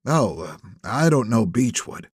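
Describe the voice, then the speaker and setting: A man voicing a tense attorney being questioned by police, guarded and quick with retorts. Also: medium pitch, very animated, breathy edge, dry recording, clean studio sound.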